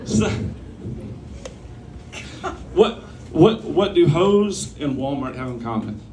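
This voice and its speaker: A man's voice: on the high side, big pitch swings, slow, darkish tone, distant mic, slight background noise. A man hosting a comedy night, telling bad jokes in a loose, chuckling way and acting out the people in them. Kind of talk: telling jokes at an open mic. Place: small bar venue with a live audience. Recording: roomy bar recording.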